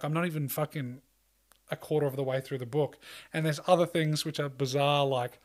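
A man talking casually in a rambling way, full of fillers and swearing, acting out quoted lines. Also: mid-range voice. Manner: acts out quoted lines in a loose voice. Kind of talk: casual chat.

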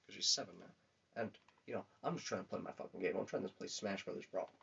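A man's voice: low voice, quick pace, creaky, fairly bright tone, slightly rough. A young man chatting casually on a podcast, telling rambling, crude, profanity-laden stories. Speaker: podcast co-host. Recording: dull lo-fi recording.

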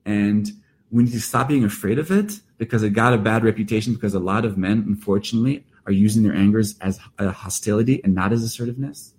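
A man's voice: on the low side, fast, darkish tone, slightly rough. A middle-aged man, a therapist speaking in an earnest, reflective podcast monologue with emphatic restarts. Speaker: therapist and workshop leader.

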